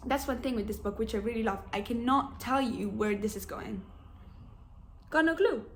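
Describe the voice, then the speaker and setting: A young woman in her twenties chatting casually about books she is reading, animated and openly emotional. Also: on the high side, normal speed, slight background noise. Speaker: book vlogger. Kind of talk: casual chat.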